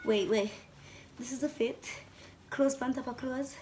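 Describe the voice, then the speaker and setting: A woman's voice: high voice, a little slow, a little hiss or hum. A young woman with a Jamaican accent, chatting playfully to camera in a casual vlog and slipping into patois. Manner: playful, animated, slips into patois. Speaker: vlogger.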